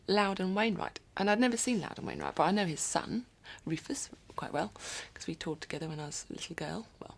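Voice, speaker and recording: A woman's voice: lowish voice, vocal fry. A woman musician rambling casually in a video diary from her recording studio, often dropping into whispered asides.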